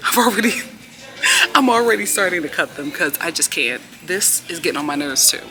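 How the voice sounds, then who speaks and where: A woman vlogging outdoors on a city street, filming herself on her phone. She tells a story in a chatty, animated way and acts out what people said. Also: on the low side, normal speed, slight background noise. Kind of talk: casual storytelling vlog. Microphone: phone camera held while filming herself.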